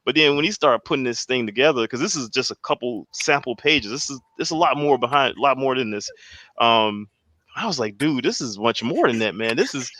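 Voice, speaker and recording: A man's voice: mid-range voice, expressive, brisk, pushed and bright, dry recording. A man speaking as a podcast guest over a video call, rambling with many restarts. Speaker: guest comic creator.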